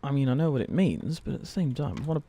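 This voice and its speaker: A man's voice: medium pitch, sing-song, fast talker, dark tone. A man streaming a puzzle game, chatting casually, muttering to himself and reading clues aloud. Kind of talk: casual gaming stream chat.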